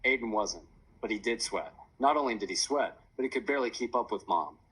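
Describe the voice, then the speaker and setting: Brief: male storybook reader, animated delivery, slightly husky tone. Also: fairly low pitch, fairly quick, poor audio. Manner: lively storytelling. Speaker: narrator. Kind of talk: audiobook narration.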